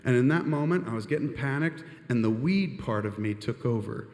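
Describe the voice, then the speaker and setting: A man telling a long comedic story on a live stage, rambling, profane and animated. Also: mid-range voice, brisk, echoey room, big-room sound.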